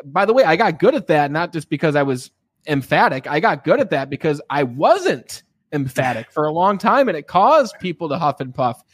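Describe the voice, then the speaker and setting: Guy hosting a podcast, chatty and animated, kinda high voice, dry sound. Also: moderate pace, husky, no room sound. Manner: animated storyteller, frequent tag questions. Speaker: podcast host. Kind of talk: casual interview chat.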